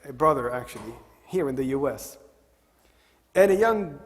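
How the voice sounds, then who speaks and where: A man's voice: mid-range voice, animated, moderate pace. A man giving a religious talk at an Islamic center, telling stories and repeating his key phrases for emphasis. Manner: retells stories, repeats key phrases, mixes in Arabic devotional expressions. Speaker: religious lecturer. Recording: long hall reverb.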